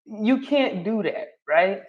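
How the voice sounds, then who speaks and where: A woman's voice: medium pitch, expressive, slow pace. A woman from North Carolina with a Southern accent, giving casual live-stream commentary in a chatty way, laughing often and correcting herself mid-thought. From Charlotte, North Carolina. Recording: slightly dull lo-fi audio.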